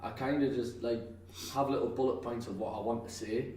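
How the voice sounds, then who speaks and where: Speaking briskly in a medium-pitched, darkish voice with fairly even intonation, a North East English professional wrestler rambles as a podcast guest. He laughs often and fills his casual talk with fillers and restarts, heard through an echoey, distant mic with faint noise.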